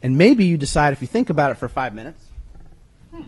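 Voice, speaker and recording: Very animated and quick, with a fairly high, husky voice, a man leads a writing workshop for an audience in a room. He teaches conversationally and emphatically, points to handouts, and at times moves away from the microphone.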